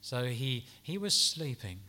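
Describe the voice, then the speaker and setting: A preacher delivers a sermon in a bright, forceful tone, yet gently and earnestly, with a pastoral manner. His pitch sits in a man's ordinary middle range with big swings, and he speaks a little slowly. Now and then he stops to restart a phrase.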